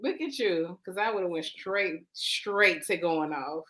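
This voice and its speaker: A woman co-hosting a casual chat, loud and profane, laughing often. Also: fairly low pitch, slow. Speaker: podcast co-host.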